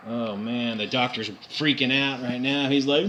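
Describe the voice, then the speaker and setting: Man, game master, tabletop wargame, counts dice aloud, excitable, roomy echo. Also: mid-range voice, measured pace, highs cut off, a little hiss or hum. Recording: echoey room with music behind.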